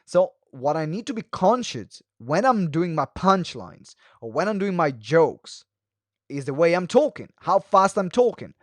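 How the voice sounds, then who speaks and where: A man teaching a live webinar as a speaking coach, talking quickly with many fillers and restarts and shifting his pace and pitch for emphasis. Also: sing-song, no room sound. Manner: fast talker who varies pace and pitch; moves hands and head while talking.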